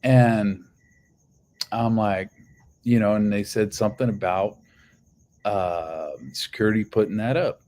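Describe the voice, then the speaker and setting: A man's voice: fairly low pitch, unhurried, pauses often, darkish tone. A man telling a story on a casual livestream, swearing heavily and rambling loosely with many restarts. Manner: profane, heated storytelling. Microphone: phone on livestream.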